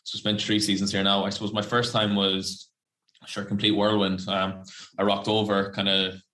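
A man's voice: lowish voice, completely flat delivery, normal speed, bright, forceful tone. A young Irish man, a professional rugby player, chatting loosely in an interview with lots of fillers and the odd swear word. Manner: chatty and rambling, full of fillers and slang, swears freely. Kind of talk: casual podcast interview.

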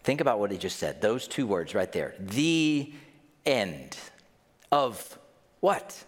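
A man's voice: lowish voice, sing-song, takes it slowly. A man preaching a humorous, conversational sermon as pastor, joking and acting out his listeners' reactions. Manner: playful, jokey, acts out listeners' reactions. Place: church sanctuary. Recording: long reverb of a large hall.

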